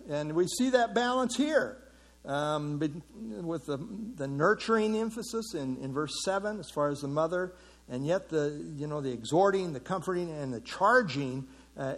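A middle-aged man teaching a Bible passage in a relaxed, conversational way, with many fillers and restarts. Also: fairly high pitch. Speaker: pastor teaching a Bible study.

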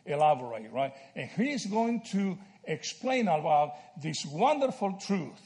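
A man from Argentina teaching a Bible study, animated and checking in with "right?" and "okay?" as he explains. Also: on the high side, measured pace.

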